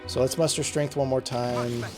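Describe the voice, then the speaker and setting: A man giving relaxed, chatty commentary on a game playthrough, with faint game music behind. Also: medium pitch, moderate pace. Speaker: gamer.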